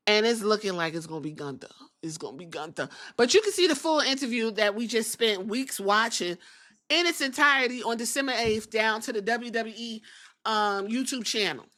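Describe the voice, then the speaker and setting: A woman hosting a wrestling review podcast, chatting casually in an animated, profane way and laughing often. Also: mid-range voice. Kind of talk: casual chat.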